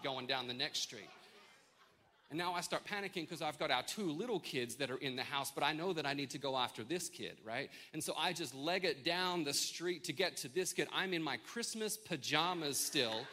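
Bright-voiced pastor telling a story. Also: male voice, a little high. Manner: animated, self-mocking storyteller. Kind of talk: sermon with a personal story. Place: church service with congregation.

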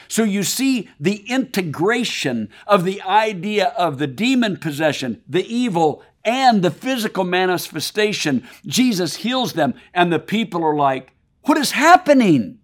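A man preaching a sermon, paraphrasing scripture and swinging between loud emphasis and hushed drops. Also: high-pitched. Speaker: pastor.

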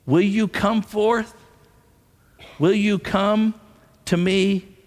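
A man voicing Jesus in a sermon, a calm, commanding figure who speaks slowly and quietly to call the dead back. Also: high-pitched, voice pushed up. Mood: tender. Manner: slow, hushed and solemn. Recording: long reverb of a large hall.

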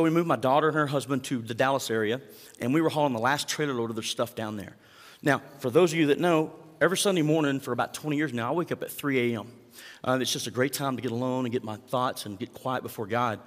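A middle-aged man preaching a sermon as pastor, telling stories in an animated way that swings from hushed to loud. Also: medium pitch. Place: large church hall. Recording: long hall reverb.

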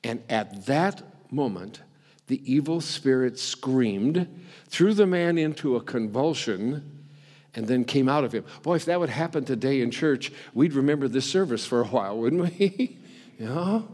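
A man's voice: medium pitch, lively intonation, a little slow, darkish tone. A male preacher giving a conversational sermon, with asides like "you know" and frequent restarts.

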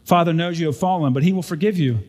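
A man voicing a kind eldest brother sent to carry his sibling home, speaking in calm, pleading reassurance. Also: a little high, fast, big-room sound, voice pushed up, lightly acted.

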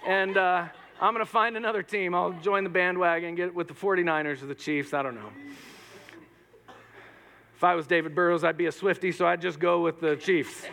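Bright, animated male preacher. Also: high voice, fairly quick, vocal fry, slight background noise. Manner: animated, joking asides, acts out quotes. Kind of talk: sermon. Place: church hall with audience. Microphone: microphone.

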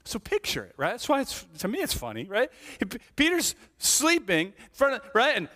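A man preaching a sermon in a lively, conversational way, acting out small quoted voices as he goes. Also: very high-pitched, normal speed, long reverb tail. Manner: animated, conversational, acts out little voices. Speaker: pastor.

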